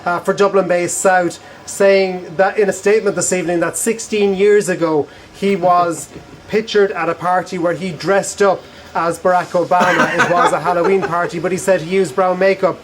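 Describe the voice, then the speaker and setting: A male news reporter delivering a broadcast report. His voice sits high for a man, and he keeps it level and steady with little rise and fall. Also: rough recording. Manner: measured, even reporting delivery.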